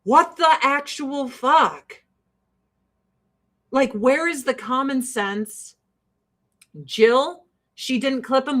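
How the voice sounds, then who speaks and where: A woman's voice: high-pitched, animated, very slow, long pauses, a bit bright. A woman host giving profane, exasperated commentary to her livestream viewers and mocking the people she talks about.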